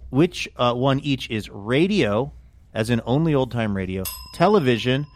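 A man's voice: mid-range voice, expressive, normal speed, dry recording. Male podcast co-host, casual and self-mocking, recorded dry and close. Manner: rambling, playful, self-mocking. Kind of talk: casual chat.

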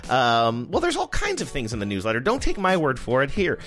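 A man co-hosting a podcast, chatting in an animated, rambling way. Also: medium pitch, fairly quick, soft background music. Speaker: podcast co-host. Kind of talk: casual chat.

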